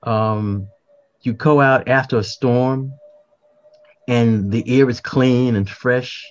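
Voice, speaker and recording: Older male guest, reflective talker, medium pitch, slightly dull lo-fi audio, lots of fillers and restarts. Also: slow pace. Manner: reflective, repeats words, frequent fillers and restarts. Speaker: poet, podcast guest. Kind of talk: conversational explanation.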